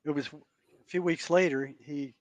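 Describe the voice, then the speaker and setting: A man telling a story as a podcast guest. His voice sits a little high for a man, and he sounds earnest, halting and prone to repeating himself. The recording is dry and close, with no room sound. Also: fairly even intonation, no room sound, lo-fi sound. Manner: earnest, halting, repeats words while recounting. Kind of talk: storytelling in conversation.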